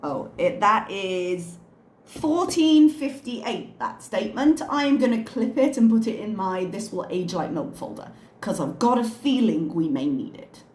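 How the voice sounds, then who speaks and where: Woman reaction host, dry sarcastic disbelief, mid pitch, echoey room. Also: lively intonation, measured pace, a little mellow. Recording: roomy echo.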